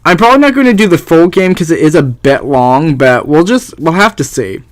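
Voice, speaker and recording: A young man chats casually as he plays a game, rambling and poking fun at himself in a lively, fairly high voice. His close mic makes the sound dry. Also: fairly quick, no room sound. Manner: rambling, self-deprecating. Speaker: let's play host.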